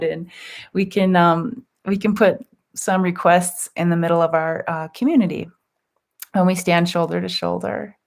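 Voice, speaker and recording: A woman hosting a live spiritual group session, chatting gently and affectionately as she reads out viewers' comments with soft laughs. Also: fairly low pitch, flat delivery, normal speed, vocal fry. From California. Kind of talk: casual live-stream chat.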